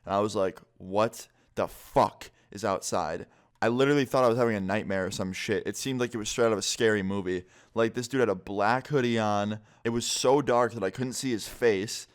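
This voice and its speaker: A young man tells a scary story straight to camera in a casual vlog. His voice sits a little low and comes across smooth and clear. He swears freely and fills his sentences with "like.". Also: quick pace, hardly any pauses. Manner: casual, heavy swearing, lots of "like". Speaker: vlogger.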